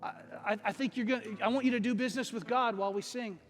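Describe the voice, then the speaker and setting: High-pitched guy preaching, tells stories and does all the voices, big echo from the church hall. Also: quick pace, soft background music. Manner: animated storyteller who acts out the people he quotes. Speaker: pastor. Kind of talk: sermon with personal storytelling. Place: church sanctuary. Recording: long reverb of a church hall.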